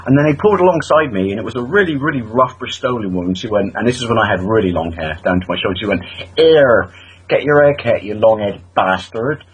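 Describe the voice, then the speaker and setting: A man's voice: on the low side, racing, hardly any pauses, slightly rough, highs cut off. A man in a casual podcast chat, telling sarcastic anecdotes and acting out the quotes.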